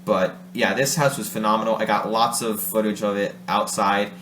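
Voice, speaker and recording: The voice is lowish, level and fairly bright, moving at a moderate pace: an Ohio, USA vlogger chatting casually to his audience. He rambles, fixes his own words and laughs a lot, in a roomy room with a faint hum behind him.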